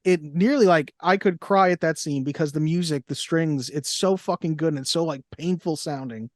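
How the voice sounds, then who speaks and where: A man's voice: fairly high pitch, normal speed, no echo, studio quality. A young man co-hosting a movie podcast in casual chat, reading cast lists and review quotes aloud. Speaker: podcast co-host.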